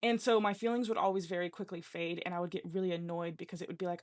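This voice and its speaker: A woman's voice: medium pitch, fast talker, a little mellow. A young woman talks on her own podcast in a loose, chatty way. She rambles, restarts sentences and leans on fillers, sounding open and unguarded. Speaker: podcast host. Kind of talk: casual personal chat.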